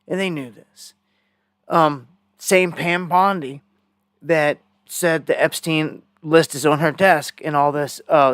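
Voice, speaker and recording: A man's voice: fairly high pitch, a bit bright, dry recording, studio quality. Indignant man ranting on a live stream. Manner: rambling, indignant, conspiratorial. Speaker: live news commentator.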